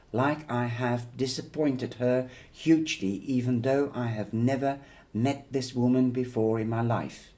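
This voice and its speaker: Slow, measured male audiobook reader. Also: mid-range voice, a little mellow. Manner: slow, measured, with occasional fillers and restarts. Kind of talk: reading a novel aloud.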